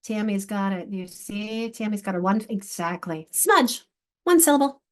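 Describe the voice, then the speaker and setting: A woman literacy instructor leading an online workshop for teachers, encouraging and sounding out syllables slowly. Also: mid-range voice, big pitch swings.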